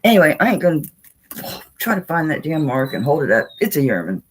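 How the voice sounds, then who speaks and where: A woman's voice: low-pitched, very animated, a little fast, husky, rough recording. A woman, chatting casually and folksily as she sells jewelry on a live stream.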